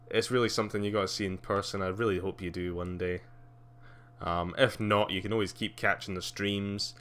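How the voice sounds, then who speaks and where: Young male streamer, lower register, bright tone, loose chatty delivery full of ums. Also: clean tone. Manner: rambling, many fillers, laughs often. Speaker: live streamer. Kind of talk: casual live-stream chat.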